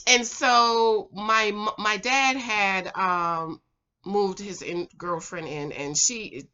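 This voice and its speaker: A Jamaican woman telling a personal story in a casual, animated vlog. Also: medium pitch, slow, clear, resonant tone, lo-fi sound. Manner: animated, chatty, swings from loud to quiet. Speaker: vlogger.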